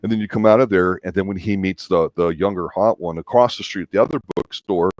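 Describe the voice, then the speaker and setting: A man with a very deep voice talks through an old film at a fast clip. He is emphatic and explains at length, slipping into the lines he quotes. The sound is dry and close. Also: steady tone, no room sound. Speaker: movie review show co-host. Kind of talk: casual movie review discussion.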